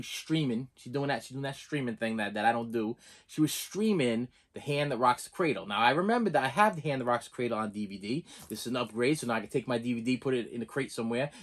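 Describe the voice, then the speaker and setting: A middle-aged man hosting a casual movie unboxing video, talking in a rambling, excitable way and often repeating words and restarting his sentences. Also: medium pitch. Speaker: movie unboxing channel host.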